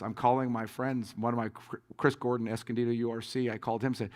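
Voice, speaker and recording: A pastor answering audience questions at a conference, telling stories with lively acted-out quotes and frequent laughter. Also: male voice, mid-range voice, quick pace, in a large hall. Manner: animated storyteller, acts out quotes, laughs often. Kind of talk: conference Q&A talk.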